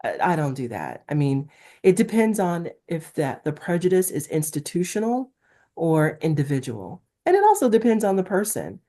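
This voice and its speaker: A woman's voice: on the low side, sing-song, moderate pace, warm tone. A middle-aged woman from Newark, a talent agent, talking candidly in an interview with a Valley-girl-like, emphatic delivery. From Newark, New Jersey, USA.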